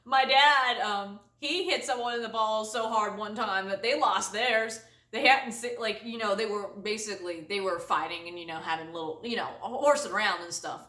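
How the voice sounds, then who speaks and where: A woman vlogger telling a comic story to camera, exaggerated and animated, laughing often. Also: mid-range voice, moderate pace, few pauses, reverberant, recorded from a distance. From United States.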